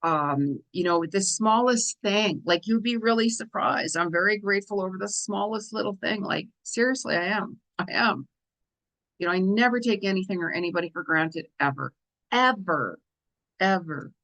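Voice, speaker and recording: On poor audio, a middle-aged woman with a medium-pitched, fairly bright voice talks at a normal speed, hosting her astrology and tarot show. It's a casual spiritual monologue, repetitive and full of "you know" and "right?", and she's a little tired from lost sleep.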